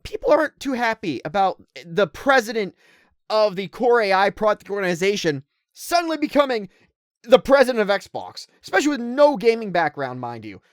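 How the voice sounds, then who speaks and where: A woman's voice: medium pitch, big pitch swings, normal speed, dry recording, studio quality. A woman gaming creator giving casual commentary to her viewers, irritated and ranting with lots of rhetorical questions.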